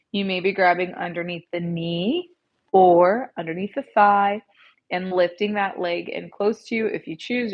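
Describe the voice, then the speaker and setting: A woman yoga instructor calmly guiding a class through stretches, speaking into an earpiece mic. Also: medium pitch, muffled recording. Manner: gentle, calm cueing with soft encouragement.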